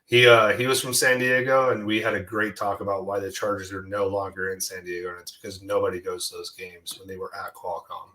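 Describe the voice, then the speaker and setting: A man with a lowish, bright and forceful voice jokes around with his co-hosts in a relaxed sports chat. He teases and prods the others playfully. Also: brisk, hardly any pauses, rough recording. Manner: teasing, joking. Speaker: podcast co-host.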